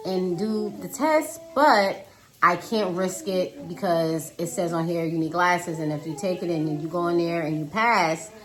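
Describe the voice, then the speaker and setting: A woman in her thirties telling a casual storytime about her day, dramatic and animated, talking to viewers as "y'all" while cooking at home. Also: fairly low pitch. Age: 30s. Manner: animated, dramatic retelling with quoted voices. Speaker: vlogger. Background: child singing in the background.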